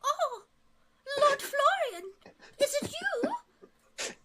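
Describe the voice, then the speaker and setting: A woman voicing a young noblewoman bride in a tabletop game, high and quavering as she laughs through her lines. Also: very animated, very slow, heavy background noise, full character voice. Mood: tearful.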